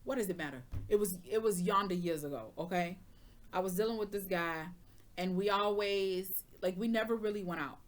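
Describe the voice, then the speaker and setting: A sassy woman reading tarot cards talks right at the listener in loose, slangy chat. Her voice sits at an ordinary middle pitch for a woman. She keeps checking in with "okay?" and "you understand?" as she goes. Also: moderate pace. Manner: sassy, chatty, talks straight to the viewer with slang. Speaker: tarot reader. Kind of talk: casual spoken tarot reading.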